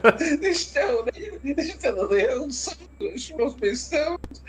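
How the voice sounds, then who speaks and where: Man, fifties, high lively voice, excitable storyteller, faint background hiss. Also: very slow, long pauses. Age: 50s. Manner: excitable, laughs through his own storytelling. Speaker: guest on a game livestream. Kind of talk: casual chat.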